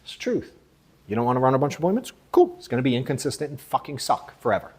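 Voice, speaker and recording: A man in his thirties running a live sales coaching session, blunt and profane, moving between forceful emphasis and low, quiet asides. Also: lively intonation, rapid-fire, husky.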